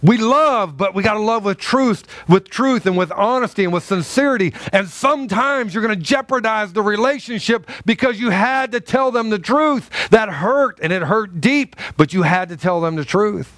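A man's voice: high-pitched, expressive, normal speed, hardly any pauses, a bit bright, no room sound. A man preaching a sermon as pastor, impassioned, repeating rhetorical questions and calling for amens.

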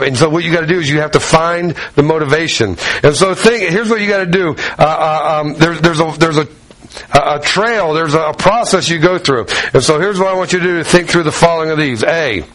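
Conversational preaching man, higher voice. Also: brisk, fairly bright tone, poor audio. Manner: conversational preaching with anecdotes and repetition. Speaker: pastor. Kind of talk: sermon.

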